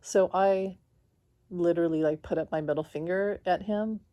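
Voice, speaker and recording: A woman talking in a casual confessional vlog from home, rambling with lots of fillers and quick laughs between thoughts. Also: fairly low pitch, steady tone, lo-fi sound. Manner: talks lying down. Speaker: spiritual vlogger.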